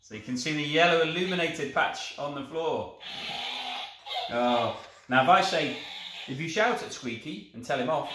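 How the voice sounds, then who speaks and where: A man's voice: medium pitch, animated, moderate pace. A man reviewing a toy, talking it through in a coaxing sing-song and praising it as he shows each feature. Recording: echoey room with clear background noise.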